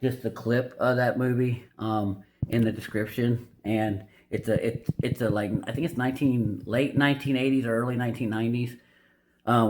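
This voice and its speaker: In this video, a mid-range male voice offers loose, unscripted commentary summarizing a book of dating advice. He's outspoken and opinionated, wandering through his points with frequent fillers and false starts.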